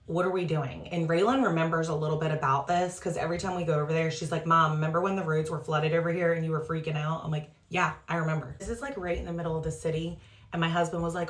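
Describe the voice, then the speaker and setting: A woman's voice: low voice, a bit bright. A woman in her thirties, a mother casually retelling a frightening family story for her vlog, full of "like" and "um" fillers. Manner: trying a skincare product while talking.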